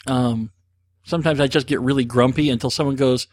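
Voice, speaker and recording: Answering listener questions on a casual solo show, a man rambles, jokes and pokes fun at himself, filling his speech with fillers. His mid-pitched voice stays steady and brisk. The sound is dry and close, with no echo or room around it.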